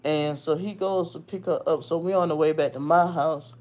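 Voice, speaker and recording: A woman recounts a story from her own life in a loose, conversational way. She is blunt and swears freely. She keeps the telling animated throughout. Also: low voice, normal speed. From Virginia. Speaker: host telling a personal story. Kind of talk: casual storytelling.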